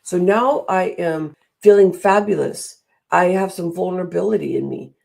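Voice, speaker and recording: A middle-aged woman giving a motivational talk, animated and acting out the voices she quotes. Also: on the low side, normal speed, gravelly. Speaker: speaker and coach.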